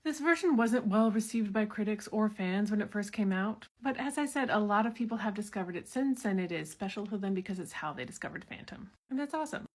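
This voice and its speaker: A woman talks at a brisk clip with a dry, teasing edge. Her voice sits at an ordinary middle pitch. She sounds like a chatty author sharing opinions with her viewers. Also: lively intonation. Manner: wry, quick, chatty. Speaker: author and commentator. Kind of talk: casual commentary to camera.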